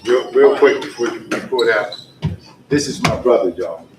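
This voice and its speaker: A man's voice: medium pitch, animated, normal speed. A man leading a fervent spoken prayer at a community forum, repeating "Lord" between phrases. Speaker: faith leader leading prayer. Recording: echoey room, far from mic, faint noise.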